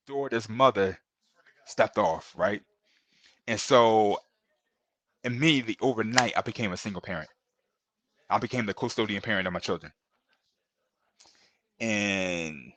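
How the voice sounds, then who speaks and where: Low-voiced man telling heartfelt stories. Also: fairly bright tone, no room sound. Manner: earnest, emotional, repeats phrases, calls the host bro. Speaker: podcast guest. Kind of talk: storytelling in a casual interview.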